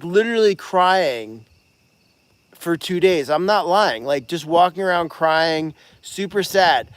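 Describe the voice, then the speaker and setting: A man caring for animals at a sanctuary, chatting casually and excitedly on a livestream and thanking donors as he goes. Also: high-pitched, clean tone, no room sound. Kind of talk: casual live-stream chat.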